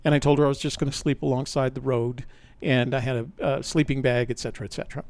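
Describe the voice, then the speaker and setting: A man's voice: mid-range voice, steady tone, fast, a little mellow, no room sound. An older man, a podcast host, telling a personal story in a rambling, conversational way, often correcting himself mid-sentence.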